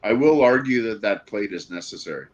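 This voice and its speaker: Lively low-voiced easygoing man. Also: a little fast, muffled recording. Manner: easygoing, laughs readily, chimes in. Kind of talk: casual livestream chat.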